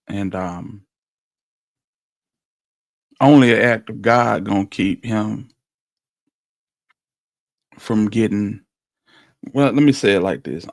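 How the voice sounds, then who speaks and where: Low-ish guy talking slow and sad, lots of pauses, dry close mic. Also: gravelly, dry recording. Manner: slow, somber, with many pauses and fillers. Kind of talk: casual reflective talk.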